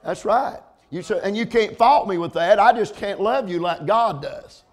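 Delivering a sermon, a middle-aged pastor speaks in a high-pitched voice. He uses frequent "amens" and repeated words, slowing for emphasis before rising to loud peaks.

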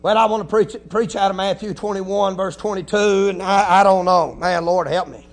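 A man preaching a folksy sermon, telling a story quietly, then building to shouted preaching with hallelujahs. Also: sits high, fairly even intonation, moderate pace, faint music behind. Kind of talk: Pentecostal-style sermon.

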